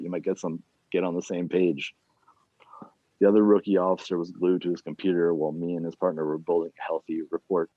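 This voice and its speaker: A man reading his own fiction aloud at an online reading series, plain and unhurried, with casual asides between chapters. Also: low voice, dry recording. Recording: dull, dry lo-fi sound.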